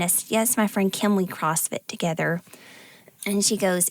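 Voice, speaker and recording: A woman's voice: lowish voice, measured pace, gravelly, no echo. A woman co-hosting a podcast, telling personal stories in a casual, chatty way with many fillers. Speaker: podcast co-host. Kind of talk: casual conversation.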